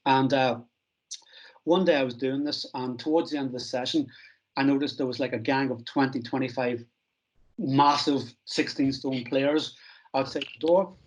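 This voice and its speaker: A middle-aged man from Northern Ireland, a strength coach telling stories from his career in a relaxed, self-deprecating interview. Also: mid-range voice, moderate pace, dull audio. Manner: anecdotal, self-deprecating, acts out quoted dialogue.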